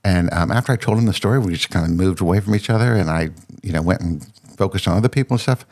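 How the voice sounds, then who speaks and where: A man's voice: deep voice, quick pace, a little mellow. A man hosting his own podcast, casually telling a rambling personal story and often restarting his sentences. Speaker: podcast host.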